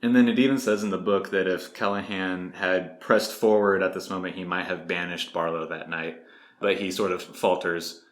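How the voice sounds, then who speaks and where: A man co-hosting a casual podcast, relaxed, retelling a novel's plot with many fillers. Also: low voice, normal speed, roomy sound. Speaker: podcast co-host. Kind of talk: casual book discussion.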